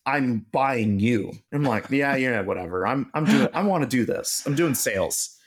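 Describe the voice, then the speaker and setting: A man, a podcast guest and machinist, telling stories in casual conversation and acting out quoted dialogue with lively shifts in his voice. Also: medium pitch, moderate pace, breathy edge. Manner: animated, acts out quoted dialogue. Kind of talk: casual storytelling interview.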